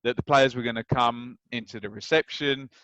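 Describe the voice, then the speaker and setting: A man in his thirties from England, a guest telling anecdotes with lively retelling. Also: medium pitch, fairly quick, no echo, dull audio. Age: 30s. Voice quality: lively storyteller who acts out scenes. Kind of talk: anecdotal chat.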